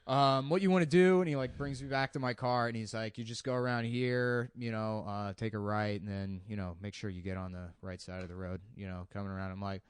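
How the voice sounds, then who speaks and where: A podcast host in casual chat, telling a laid-back anecdote. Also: male voice, on the low side, flat delivery, a little fast, hardly any pauses, clear, resonant tone, dry recording, studio quality.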